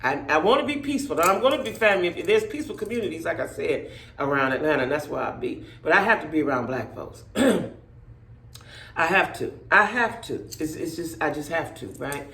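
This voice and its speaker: A middle-aged woman, telling stories to her viewers in a blunt, profane, animated way. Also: low-pitched, moderate pace, echoey room. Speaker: vlogger. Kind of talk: casual storytelling rant to viewers.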